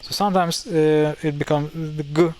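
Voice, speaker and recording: Halting Ukrainian-accented man explaining. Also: on the high side, steady tone, darkish tone, poor audio. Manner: halting, self-correcting, thinks aloud. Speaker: language teacher. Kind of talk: casual explainer.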